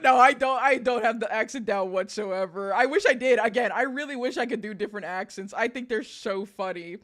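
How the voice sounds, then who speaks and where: Streamer chatting with viewers, casual, laughs often, curses, mid-pitched voice. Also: normal speed, fairly bright tone. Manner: laughs a lot, swears casually, reads chat aloud. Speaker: VTuber streamer. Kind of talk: casual live-stream chat.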